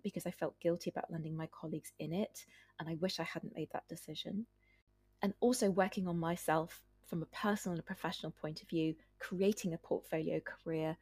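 A woman's voice: lowish voice, a little mellow, breathy edge, no echo. A woman, a doctor, hosting a solo podcast and earnestly advising listeners.

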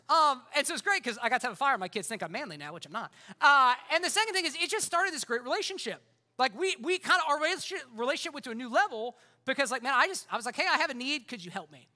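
A man preaching a sermon at a rapid clip, his voice bright and forceful. He talks conversationally, building his points through repeated phrases and pressing them home with passion. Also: extremely high pitch, animated. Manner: impassioned, conversational preaching with rhetorical repetition. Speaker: pastor.

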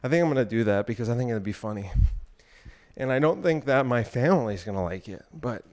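A man's voice: medium pitch, animated, brisk, a little mellow. Breathless man rambling on his podcast. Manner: rambling, provocative, irreverent. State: out of breath while exercising. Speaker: podcast host. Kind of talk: solo podcast monologue.

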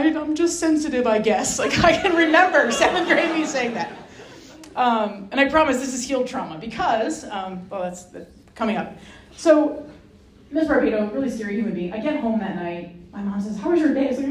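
A woman from Rhode Island, a Franciscan sister, telling a personal story as a guest speaker, lively and self-mocking, acting out the voices in her story. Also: medium pitch, a little hiss or hum. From Rhode Island, USA. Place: hall with an audience. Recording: roomy echo.

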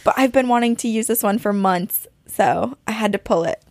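A woman co-hosting a podcast, reading a listener's frightening story aloud with suspense and slowing down at the tense parts. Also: on the high side, darkish tone, no echo. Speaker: podcast co-host.

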